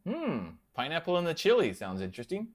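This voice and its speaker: Chatty male livestream host: slightly high voice, very animated pitch, answers viewer comments on the fly, pokes fun at himself. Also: brisk. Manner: self-deprecating and playful. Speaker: livestream host of a guitar channel. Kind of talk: casual live-chat banter.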